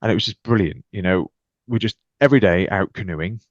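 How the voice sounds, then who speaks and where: A man's voice: lowish voice, a little fast, no echo. A British man in his thirties, a podcast guest, telling personal stories energetically and acting out what people said. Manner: energetic, acts out quoted exchanges with lively shifts. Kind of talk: animated storytelling in conversation. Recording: dull, muffled dry podcast audio.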